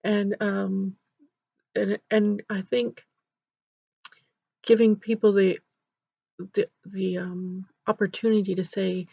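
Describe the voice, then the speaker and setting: Gentle gravelly woman telling a story. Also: medium pitch, level tone, takes it slowly, long pauses, no room sound. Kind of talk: instructional storytelling to camera. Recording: dull, dry recording.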